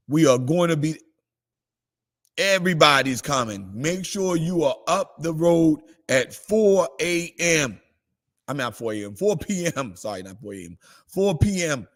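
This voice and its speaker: A man preaching a morning devotional livestream, shifting between calm scripture reading and excited exclamations. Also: fairly high pitch. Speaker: pastor.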